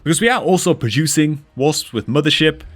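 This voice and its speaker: A man casting a replay of a strategy video game, excitable and quick to exclaim, often calling his listeners dude and man. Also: on the high side, soft background music. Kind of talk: excitable gameplay commentary.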